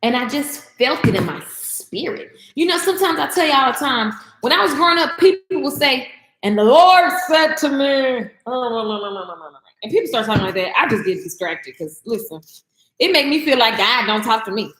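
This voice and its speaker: A Southern vlogger and business coach chats casually with her viewers, calling them y'all, while she cooks in her home kitchen. Her voice sits high with big pitch swings, a fairly quick pace and a slightly bright tone. The low-quality recording has an echoey room sound.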